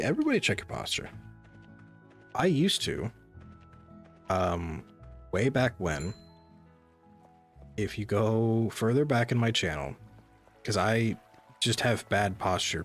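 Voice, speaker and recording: A man's voice: lowish voice, animated, slow, pauses often, faint music behind. A man streaming a cozy game, chatting casually and rambling to his viewers. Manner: rambling, chatty, talks to chat. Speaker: gaming streamer. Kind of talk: casual live-stream chat.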